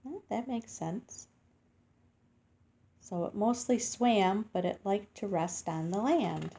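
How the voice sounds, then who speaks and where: A woman's voice: medium pitch, slow pace, vocal fry, background noise. A woman reading a picture book aloud to children, stopping to explain words, sound out hard names and ask them questions.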